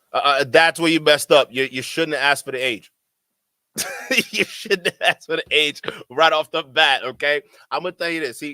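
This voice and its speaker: A man's voice: medium pitch, bright, forceful tone, dry recording. A man doing reaction commentary, mocking and laughing as he talks to his chat. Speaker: reaction streamer.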